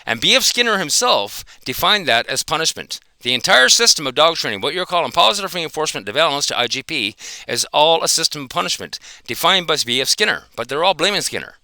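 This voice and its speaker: A man's voice: fairly high pitch, sing-song, quick pace, pushed and bright, dry recording, clean studio sound. A man giving an angry, profane reaction commentary, confronting another dog trainer.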